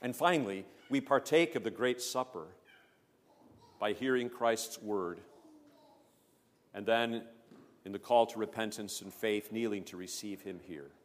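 A male pastor delivering a sermon in a measured, emphatic way, pressing hard on key words. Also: lowish voice. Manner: emphatic, measured preaching with rising stresses. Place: church. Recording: long church reverb.

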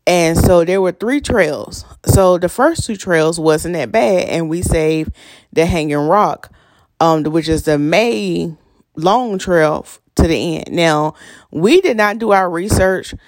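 A young woman, hosting a podcast and telling a story in a chatty, animated way. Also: fairly low pitch, slow pace, no room sound, studio quality. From North Carolina. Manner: chatty, animated, addresses listeners as y'all. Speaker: podcast host. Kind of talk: casual storytelling monologue.

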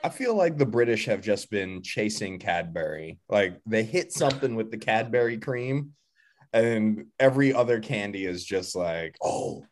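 Male co-host, lowish voice, opinionated and wry in remote chat. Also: animated, moderate pace. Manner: opinionated, jokey asides. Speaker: podcast co-host. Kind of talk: casual chat. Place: home, remote video call.

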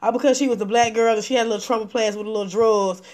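A woman with a somewhat high voice speaks in a casual livestream. She talks emphatically, stacking repeated phrases as she drives her points home. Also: fairly even intonation, very fast, a little mellow. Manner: emphatic and repetitive, building indignation. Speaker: livestream host.

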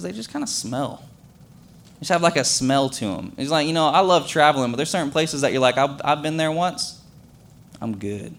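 Young male pastor, slightly high voice, loose chatty preaching with lots of "like". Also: creaky, fairly bright tone, slight background noise. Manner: conversational, many fillers, acts out quotes. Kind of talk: casual sermon.

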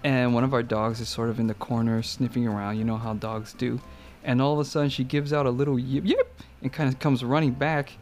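A man's voice: mid-range voice, level tone, fairly quick, darkish tone, soft background music. A man co-hosting a podcast, telling a story in casual chat and laughing often. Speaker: podcast co-host.

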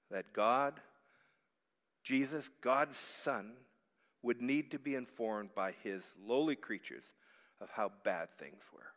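A man preaching a sermon as pastor, swinging between hushed reflection and loud, pleading passages. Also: lowish voice. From Canada. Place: church sanctuary. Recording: church hall reverb.

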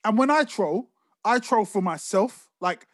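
A young man telling stories on a podcast, animated and swearing, often laughing. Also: high voice, a little slow, no echo, clean studio sound. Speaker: podcast co-host. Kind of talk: casual chat.

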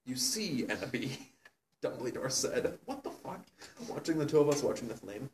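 A man co-hosting a comedy show, reading a fan fiction aloud dramatically and laughing at it, sometimes putting on squeaky voices. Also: lively intonation, normal speed, far from the mic, a little hiss or hum, low-quality recording. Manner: mocking, laughing, breaks into loud squeaky character voices.

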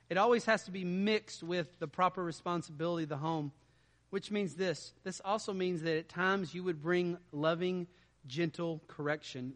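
A man preaching a sermon in a conversational way, dropping to quiet asides and rising to loud emphatic stretches. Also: on the high side, long reverb tail. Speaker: pastor.

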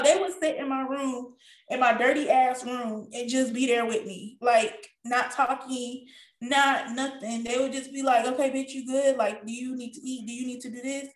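A woman with a fairly high voice talks frankly and emotionally on a casual podcast, cursing freely as she tells her story. Her voice rings in an echoey room. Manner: candid, emotional storytelling with frequent profanity. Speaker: podcast co-host. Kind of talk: casual chat.

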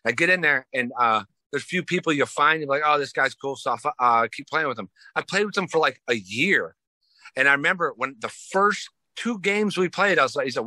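A man's voice: on the high side, lively intonation, a little fast, pushed and bright, no room sound. A young adult man, a musician guest, chatting casually and telling stories with swearing and laughter. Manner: loose, profane, laughing storyteller. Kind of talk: casual chat.

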